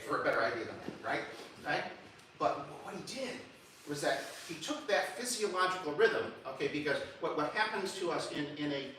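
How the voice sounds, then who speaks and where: A man's voice: a little high, a little hiss or hum. A man giving a public lecture with lots of restarts, humming and singing short examples as he goes. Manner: animated, many restarts, sings and hums examples. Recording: echoey hall recorded from far.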